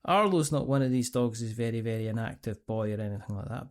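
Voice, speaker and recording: A middle-aged Scottish man hosting a podcast in a relaxed, chatty voice. His pitch sits in an ordinary middle range for a man. He tells long, rambling stories that keep circling back and restarting. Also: quick pace. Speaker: podcast host. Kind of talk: casual chat.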